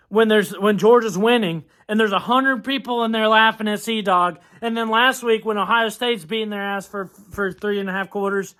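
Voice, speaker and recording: A man's voice: sits high, moderate pace, hardly any pauses, fairly bright tone, smooth. Exasperated young man ranting about football. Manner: exasperated, ranting, swears often. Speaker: sports vlogger. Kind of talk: venting halftime rant.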